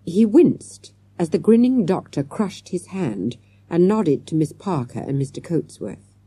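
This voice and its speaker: A woman with a very dark, husky voice reads a storybook aloud. Her pitch sits low but moves a lot, and the recording is close and dry. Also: expressive, unhurried, no echo. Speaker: audiobook narrator. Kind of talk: storybook narration.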